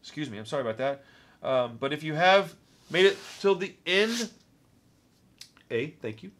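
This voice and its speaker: A man's voice: fairly high pitch, expressive, normal speed, fairly bright tone, a little hiss or hum. A man with a Texan accent hosting a casual movie-ranking vlog, talking with rambling enthusiasm and often repeating words. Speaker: movie review vlogger.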